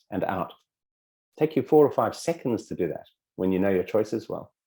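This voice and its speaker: A man teaching in a casual spoken way, animated and acting out little dialogues with shifting voices, swearing casually now and then. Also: sits low, normal speed, gravelly. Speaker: self-help coach.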